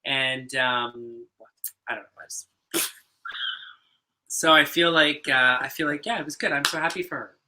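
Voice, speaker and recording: A man's voice: medium pitch, moderate pace, long pauses, bright, forceful tone, a little hiss or hum. A man co-hosting a casual drag show review, chatting in a campy, playful, teasing way. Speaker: drag queen co-host. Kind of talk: casual chat.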